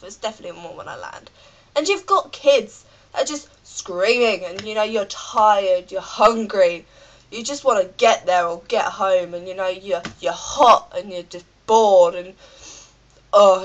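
A woman's voice: mid-range voice, expressive, normal speed, fairly bright tone, highs cut off. A British woman with a cold, ranting in a rambling, chatty vlog full of fillers. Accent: British English. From Britain. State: has a cold. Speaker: vlogger.

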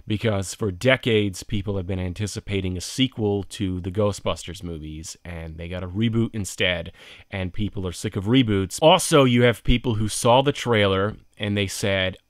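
A man with a low voice gives emphatic, conversational opinion commentary for his channel. He is recorded close up in a dry, dead-sounding room. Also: no echo. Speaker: video commentator.

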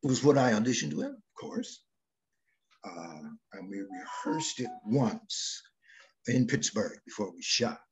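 Older man with a very husky voice. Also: medium pitch, animated. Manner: unhurried storyteller, drifting between loud and hushed. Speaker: actor interviewed as guest. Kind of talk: reflective anecdotal conversation.

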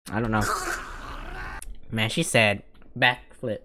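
A woman giving loud, profane, mocking commentary while reacting to a video, often laughing. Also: rumbling low, measured pace, no echo, studio quality.

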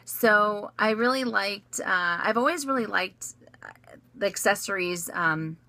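A vlogger in her thirties answers viewer questions in a casual chat, giggling and rambling with many fillers and restarts. Her medium-pitched voice is bright and forceful, at a measured pace, with no room sound.

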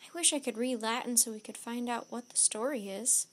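A woman reading a storybook aloud, voicing an anxious, excitable young boy who gets shrill and loud when scared. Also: a little fast, natural voice. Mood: earnest. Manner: rises high and loud when panicked.

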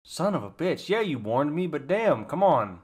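Emotional, swearing young streamer. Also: male voice, fairly high pitch, normal speed. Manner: excitable, emotional, swears a lot. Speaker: streamer reacting to a musical. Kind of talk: casual live reaction.

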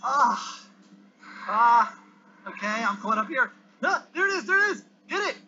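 A male gamer giving excitable commentary as he plays, yelping and groaning at the game. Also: very high-pitched, measured pace, soft background music. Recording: dull lo-fi recording with faint hiss.

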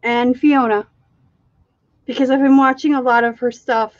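A woman from Minnesota with a Minnesotan accent, chatting excitedly on her art live stream and calling everyone dude. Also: sits high, moderate pace, pauses often, no room sound, dull audio. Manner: chatty, excitable, says dude and y'all often. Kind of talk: casual live stream chat.

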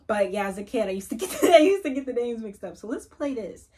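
Her voice is medium-pitched and a little mellow, and she talks fairly quickly with hardly any pauses. A young gaming YouTuber, she gives casual let's-play commentary from her computer, chatting to viewers and teasing and coaxing the characters as faint game music plays.

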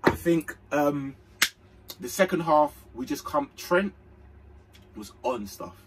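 A young man giving a casual, slangy, excitable football match reaction. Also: a little high, slow, far from the mic, background noise. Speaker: fan channel host.

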